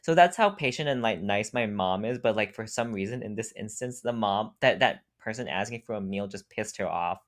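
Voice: mid-range voice, expressive, brisk, hardly any pauses. A young adult podcast co-host telling a casual story in a rambling way, with lots of "like" and frequent laughter.

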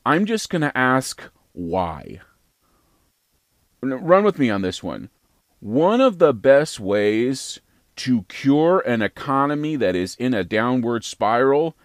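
A man's voice: medium pitch, dry recording, clean studio sound. An American man hosting a podcast, giving an opinionated monologue in an emphatic, rhetorical way that repeats phrases for effect. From United States. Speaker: podcast host.

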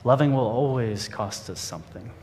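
A man's voice: moderate pace, a little mellow. A man giving an earnest, reflective sermon as a pastor, telling a story to his congregation. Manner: earnest, reflective preaching with a story read aloud. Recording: reverberant hall with faint rumble.

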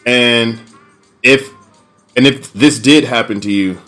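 Young man, earnest, emphatic, slangy, mid-pitched voice, faint music underneath. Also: takes it slowly, pushed and bright. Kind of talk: casual conversation.

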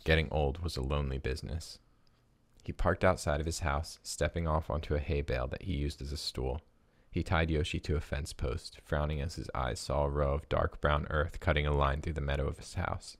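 Pria bersuara sangat berat dan serak. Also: male voice, a bass voice, steady tone, fairly quick, no room sound. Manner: laughs while reading, lots of fillers in chat. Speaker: podcast co-host. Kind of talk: reading a story aloud, then casual chat.

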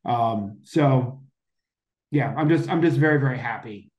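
A man's voice: medium pitch, measured pace, a little mellow, reverberant. A man co-hosting a casual podcast chat, rambling with many fillers and self-corrections. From Boston area. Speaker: podcast co-host.

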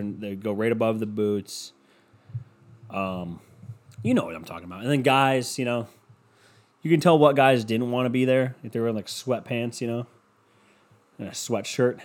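A man hosting a casual monologue, swearing constantly and rambling from one story to the next, with sudden high-pitched outbursts. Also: darkish tone.

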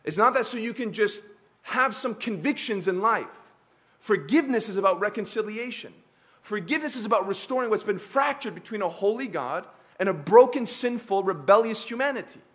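A man delivers a sermon in a high, ringing voice. He speaks emphatically and builds through repetition. He leaves long dramatic pauses between the lines. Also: lively intonation. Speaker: preacher.

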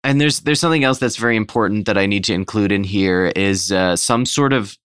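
A man co-hosting a comedy podcast, riffing an improvised pitch in a rambling, filler-heavy way. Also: a little fast, fairly bright tone, clear, resonant tone, no room sound, clean studio sound. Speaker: podcast co-host.

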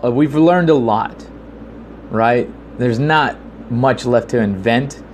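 A man giving a casual commentary monologue, rambling with frequent fillers and restarts, growing animated when he retells a story. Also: lowish voice, slight background noise.

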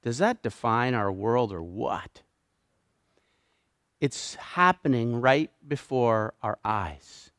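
A man's voice: medium pitch, animated, slow pace, a bit bright, no echo, studio quality. A Canadian man with a Canadian accent preaching a sermon, emphatic and building his points through repeated phrases. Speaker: pastor.

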